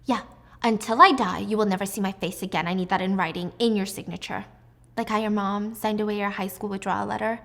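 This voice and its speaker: A woman's voice: medium pitch, fairly even intonation, fast, creaky, fairly bright tone. A woman voicing a wealthy, arrogant mother of about forty, talking in a pushy, scornful and impatient way.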